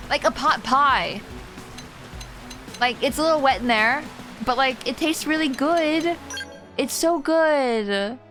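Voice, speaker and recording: A young woman streaming a video game, chatting casually with her viewers, excitable and giggly as she reacts to what happens on screen. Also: a little high. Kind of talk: casual gameplay commentary.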